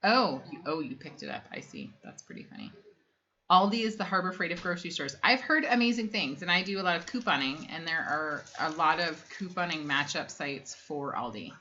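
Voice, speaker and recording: Rambling, bright-voiced woman on a lo-fi stream. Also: low voice, big pitch swings, brisk. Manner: chatty, rambling, many ums, reads comments aloud. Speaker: livestream co-host reading chat. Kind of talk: casual family livestream chat. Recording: dull lo-fi stream audio.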